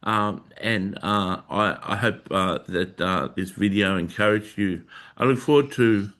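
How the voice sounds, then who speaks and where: Slow, halting man with a bright voice. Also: fairly low pitch. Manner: halting, with many filler sounds and restarts. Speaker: Christian video host sharing testimony. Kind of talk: personal testimony monologue.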